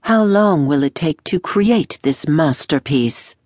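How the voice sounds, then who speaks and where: A woman voicing a wealthy, gruff young gentleman in an audiobook, speaking curtly. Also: low-pitched, animated, takes it slowly, no room sound, clean studio sound, exaggerated voice. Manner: gruff, curt.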